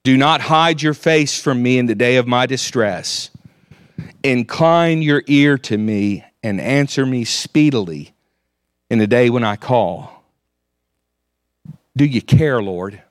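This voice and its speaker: A man preaching a sermon, reading scripture aloud with measured emphasis. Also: medium pitch, clear, resonant tone, dry recording, clean studio sound.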